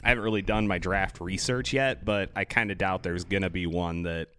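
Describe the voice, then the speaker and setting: Wry, lower-voiced young man. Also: steady tone, a little fast, a bit bright, clear, resonant tone. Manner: wry, teasing, joke-cracking. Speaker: podcast co-host. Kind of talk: casual sports chat.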